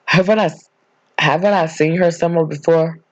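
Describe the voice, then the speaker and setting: A man's voice: fairly high pitch, steady tone, normal speed, no room sound, close to an everyday voice. A man voicing an earnest young male hero student who speaks hesitantly, on a dull, dry recording. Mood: puzzled.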